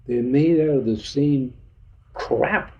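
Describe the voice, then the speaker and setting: A man's voice: mid-range voice, slow pace, warm tone, lo-fi sound. A man giving an informal teaching talk to a group in a meeting room, blunt and full of street slang, acting out little dialogues. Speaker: spiritual teacher.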